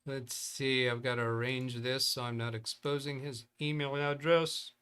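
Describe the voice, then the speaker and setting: A man's voice: medium pitch, steady tone, normal speed, bright, forceful tone, clean tone. A man hosting a live computer-help stream in casual chat, rambling and thinking aloud as he reads viewer emails. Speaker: host of a live Windows help show.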